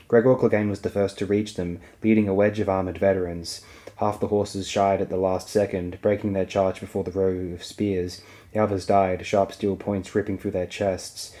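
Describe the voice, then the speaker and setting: A man narrates a fantasy audiobook in a low, warm voice. His delivery stays level and even, with little rise and fall. He keeps a steady storytelling pace through the battle scenes. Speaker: audiobook reader.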